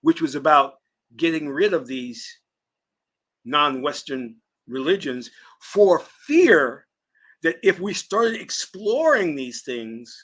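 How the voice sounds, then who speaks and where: A man from Virginia giving an emphatic, preaching spiritual lecture on a livestream, answering chat and stretching key words slowly. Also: on the high side, sing-song, fairly bright tone, husky. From Virginia, US South. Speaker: spiritual teacher and channel host.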